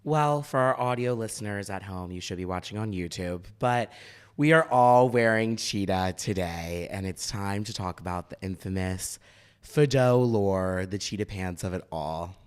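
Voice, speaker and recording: Animated young Philly man telling stories. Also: normal speed, clean tone. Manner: animated, acts out quotes with big shifts in pitch. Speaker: podcast co-host. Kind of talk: casual storytelling chat.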